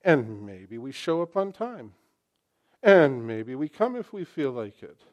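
A man preaching a sermon to his congregation, impassioned and full of rhetorical questions, swinging from loud to hushed. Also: mid-range voice, very animated, measured pace. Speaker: pastor. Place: church sanctuary.

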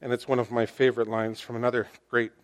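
A male pastor preaching a sermon to his congregation. He uses lively storytelling, rhetorical questions and wry humor. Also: mid-range voice, quick pace. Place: church, speaking to a congregation with slides.

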